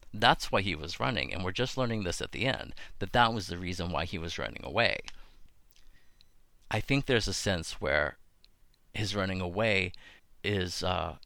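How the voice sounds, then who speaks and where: A man with a low, gravelly voice hosts a casual podcast, thinking aloud with plenty of fillers and restarts. The recording is dry and close, with no room sound. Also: sharp tone, no echo. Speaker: podcast host. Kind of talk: casual talk on biblical texts.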